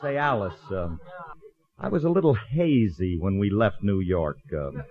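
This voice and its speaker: An actor playing a boastful, wisecracking bandleader husband in a 1940s radio comedy, trading jokes in a lively way. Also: male voice, on the low side, a little slow. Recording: muffled old radio broadcast with hiss. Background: studio audience laughter.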